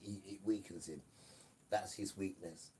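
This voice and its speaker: A man with a low voice preaches to his livestream viewers, circling back on his points and pressing them with quick questions. He swings into loud, emphatic bursts. The mic sits some distance off, with faint noise underneath. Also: steady tone.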